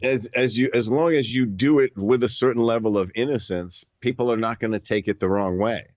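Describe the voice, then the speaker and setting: A man's voice: medium pitch, no room sound, muffled recording. A man talking as a guest in a casual interview, full of restarts and fillers, from the northern United States. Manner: halting, many restarts and fillers. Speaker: guest author.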